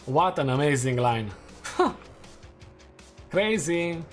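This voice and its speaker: A man's voice: fairly high pitch, animated, extremely slow, faint music behind. A man streaming a game, chatting casually and laughing at his own takes; English is not his first language. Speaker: gaming streamer. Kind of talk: casual gameplay commentary.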